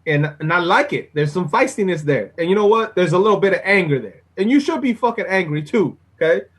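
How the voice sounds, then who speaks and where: A high, husky male voice that swings widely in pitch as he rants. He co-hosts a casual sports podcast, swearing freely and tacking "okay?" onto his points. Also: brisk. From Mexican-American. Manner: profane, excitable, peppers talk with "okay?" and "bro". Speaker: podcast co-host.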